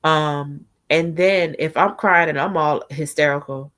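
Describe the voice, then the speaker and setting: In a relaxed storytime vlog, a woman in her forties shares something personal in a chatty, heartfelt way, leaning on "you know what I'm saying" to see if viewers are with her. Her voice sits low but has a fairly bright tone, and she takes her time.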